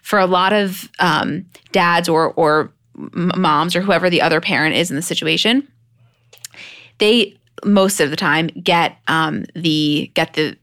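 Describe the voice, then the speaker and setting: A woman's voice: lowish voice, measured pace, fairly bright tone. A woman co-hosting a podcast in casual chat, gushing and emphatic and swearing freely. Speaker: podcast co-host.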